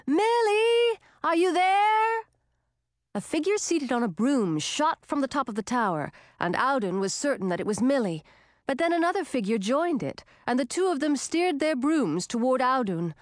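Lady reading a kids fantasy book, slightly high voice, dry close mic. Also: very animated, moderate pace, dry recording. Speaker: audiobook narrator. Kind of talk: scripted storybook narration.

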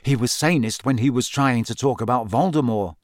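Here a man with a mid-range voice plays a troubled teenage boy for an audiobook, moving briskly and acting only lightly. The studio-quality recording has no room sound. The character sounds earnest yet tired, flat, and tinged with bitterness.

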